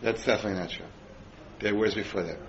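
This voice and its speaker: A man's voice: on the low side, racing, a little hiss or hum. A man leads a Torah class, steadily posing questions to his listeners before explaining the answer. The recording is a little dull, with faint ambience in the background. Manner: quizzes the audience with frequent questions. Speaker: rabbi teaching a class.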